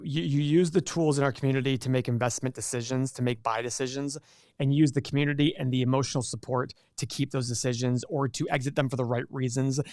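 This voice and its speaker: A man's voice: medium pitch, darkish tone, dry recording, clean studio sound. A man hosting a casual investing livestream, chatting and joking with viewers and often restarting his sentences. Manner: chatty, jokey, self-interrupting. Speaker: livestream host.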